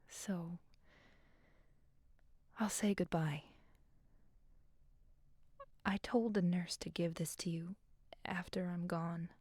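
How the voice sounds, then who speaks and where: A dying wife's soft farewell. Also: female voice, lowish voice, breathy edge, dry recording, full character voice. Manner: soft, intimate, half-whispered. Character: dying wife reading her farewell letter. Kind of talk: voiced game letter reading.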